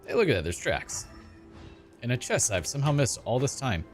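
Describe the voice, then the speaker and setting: A man's voice: medium pitch, sing-song, a little fast, soft background music. A man chatting casually while streaming a video game, rambling and self-deprecating. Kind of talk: casual gaming stream chat.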